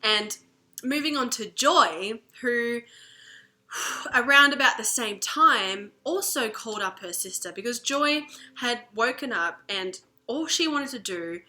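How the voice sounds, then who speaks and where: Woman, coach, chatty animated storytelling, bright voice, fillers. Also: fairly high pitch. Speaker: spiritual coach. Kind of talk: storytelling lesson.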